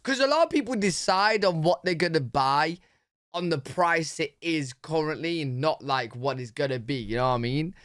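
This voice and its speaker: A British man reacting to a video in loose, chatty commentary, with many "like"s and "you know what I mean"s. His voice is smooth and clear and sits a little high for a man. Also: moderate pace, a bit bright. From United Kingdom.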